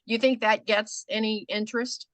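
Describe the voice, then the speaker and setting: An older American woman coaching a group on business pitches, conversational and animated. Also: normal speed, no room sound. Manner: conversational, animated, acts out quoted people.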